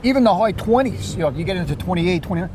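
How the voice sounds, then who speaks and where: A man with a New York accent, chatting casually about fishing and telling animated stories, repeating and restarting his words. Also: sits high, rapid-fire, noisy background. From Queens, New York. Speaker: surf fisherman. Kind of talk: casual chat.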